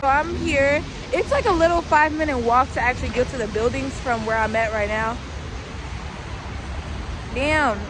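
Vlogger, 19, woman, breezy and foul-mouthed, fairly high voice, phone mic with traffic noise behind. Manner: chatty, profane, playful, talks straight to viewers. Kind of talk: casual vlog chat. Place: outdoors, at a bus stop, on a bus and walking. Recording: street and vehicle noise behind.

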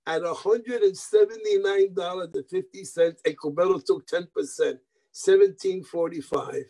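An older man from New York, an interview guest telling animated stories, repeating words, mixing in Spanish phrases and acting out the voices of people he quotes. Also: sits high, moderate pace, rough recording. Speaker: guest musician. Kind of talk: anecdotal interview storytelling.

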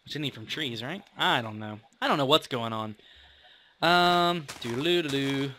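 A young man talking through a game as he plays, chatty and rambling and quick to poke fun at himself. His voice is bright and tense-edged, swinging up and down in pitch with plenty of life. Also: expressive, slight background noise. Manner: rambling, chatty, self-mocking. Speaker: gaming video host. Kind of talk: casual let's-play commentary.

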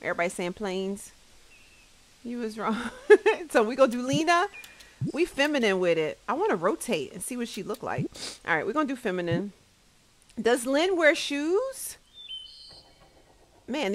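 Female game streamer, casual chat to viewers, bouncy pitch, frequent laughs. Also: poor audio. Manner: animated, laughs often, talks to viewers. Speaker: gaming streamer. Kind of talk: casual gaming commentary to chat.

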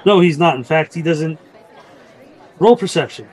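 A man narrating a tabletop game as game master, describing scenes and calling for rolls with frequent pauses. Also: fairly high pitch, darkish tone, husky, a faint crowd, rough recording. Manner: descriptive, halting with fillers.

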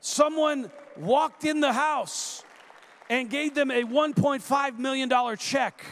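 A guest minister with a strikingly high voice tells stories from the pulpit. His delivery is animated, full of quick restarts and repeated words, moving into prophecy. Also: some chatter behind. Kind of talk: sermon with storytelling and prophecy.

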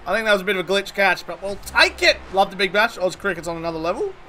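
Excitable gamer, lively high voice. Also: male voice, fast, few pauses, slight background noise. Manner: excitable, swears, thanks followers between balls. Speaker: streamer. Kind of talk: live gameplay commentary.

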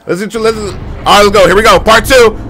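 A man live-streaming a reaction to a video, excitedly shouting running comments at the fights on screen. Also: high voice, brisk, a little hiss or hum.

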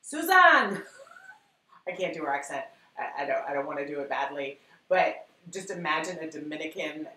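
A woman's voice: low voice, little pitch movement, fairly quick, reverberant, poor audio. A woman teaching a live painting class, chatty and encouraging as she talks to her viewers. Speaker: art instructor.

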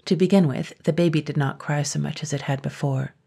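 Low gravelly woman reading a bedtime story aloud, kinda husky. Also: steady tone, a little fast, dark tone. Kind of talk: scripted narration.

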